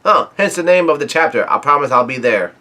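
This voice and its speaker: A man's voice: fairly high pitch, lively intonation, a little fast, sharp tone. A man casually recapping a comic chapter, reading the panels aloud and rambling with lots of fillers and restarts. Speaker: manga chapter reviewer.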